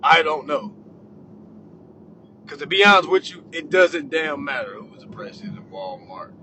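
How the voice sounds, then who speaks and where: A man ranting to his followers with profane comedy, swinging between shouting and low muttering. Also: a little fast, a little hiss or hum. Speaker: social media commentator. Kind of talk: profane comedic rant to camera.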